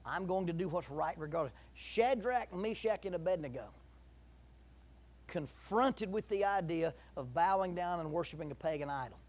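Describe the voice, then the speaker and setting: A man's voice: high voice, expressive, moderate pace. A middle-aged man preaching a sermon in a church, emphatic, repeating key phrases and leading the congregation in call-and-response.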